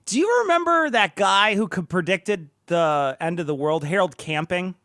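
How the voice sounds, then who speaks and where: Animated, laughing male podcast co-host. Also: sits high, moderate pace, no room sound, studio quality. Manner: laughing, profane, mocking mimicry. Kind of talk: casual chat.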